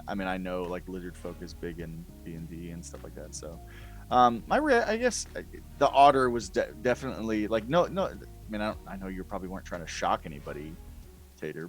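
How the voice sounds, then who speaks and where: A man chatting as a guest, rambling with lots of fillers. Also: low voice. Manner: rambling, filler-heavy, laughing easily. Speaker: guest player. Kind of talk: casual podcast chat.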